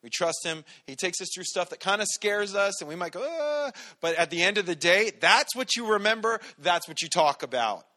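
A man, a pastor, giving a relaxed, conversational sermon with everyday stories. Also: high voice, fairly quick, hardly any pauses. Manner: relaxed, storytelling, talks to the congregation directly.

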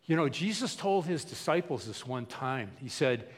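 Man preaching, folksy and repetitive, slightly high voice, echoey hall sound. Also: animated, normal speed, hardly any pauses, breathy edge. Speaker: pastor. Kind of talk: sermon.

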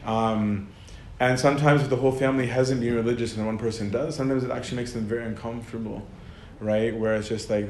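A man's voice: on the low side, level tone, moderate pace, a little mellow. A man giving a casual lecture, talking conversationally with lots of fillers and frequent laughter. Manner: conversational, filler-heavy, often laughs mid-sentence. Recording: echoey room with faint ambient noise.

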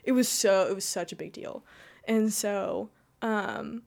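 A woman's voice: medium pitch, measured pace, gravelly, darkish tone. A young woman telling her personal faith story in casual conversation, rambling with lots of "like" and restarts. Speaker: guest.

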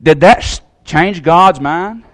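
A man preaching a sermon in a Southern American accent, folksy and animated, acting out the voices he quotes. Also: fairly high pitch, slow pace, no room sound. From Southern United States.

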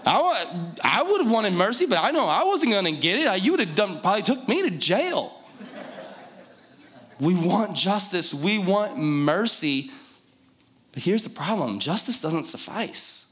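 A man's voice: sits high, big pitch swings, measured pace, fairly bright tone. A man preaching a sermon in a conversational, joking way, driving points home with repetition. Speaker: pastor.

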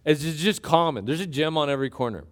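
A man preaching a sermon, telling a story with humor and building to emphatic points. His voice sits high for a man. His delivery is animated and earnest. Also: fast talker. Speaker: pastor.

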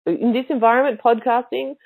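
A woman hosting a podcast and giving coaching tips in a casual teaching talk, speaking emphatically with expressive inflections. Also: a little high, fairly quick. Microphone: livestream mic. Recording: tinny phone-like sound.

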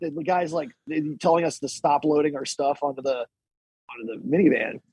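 Husky-voiced man telling a rambling story. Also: fairly high pitch, fairly even intonation, fairly quick, darkish tone, no echo, rough recording. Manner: rambling, many restarts and asides, laughing at his own story. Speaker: podcast guest, military service member. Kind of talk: casual anecdotal storytelling. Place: podcast recording.

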